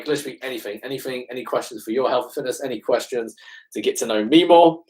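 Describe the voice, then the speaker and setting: A man's voice: mid-range voice, fairly quick, noisy background. A young man in his twenties with an English accent, chatting casually as a fitness coach answering live-stream questions. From England. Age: 20s. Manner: laid-back, fills with "man" and "obviously".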